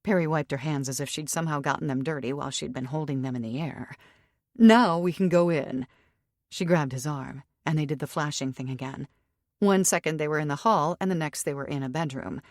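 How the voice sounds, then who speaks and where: Low-voiced woman narrating an audiobook. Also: no room sound, studio quality. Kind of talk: scripted narration.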